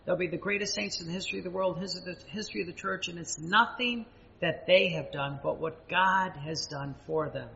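A man preaching a sermon, emphatic and repetitive, with dramatic pauses and sudden rises. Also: high voice, creaky, pushed and bright, in a large hall, lo-fi sound.

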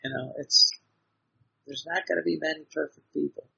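A man's voice: a little high, steady tone, moderate pace, creaky, pushed and bright, slightly rough. A man giving an earnest devotional sermon, exhorting his listeners with repeated phrases and frequent restarts, heard on a dull lo-fi recording. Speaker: preacher.

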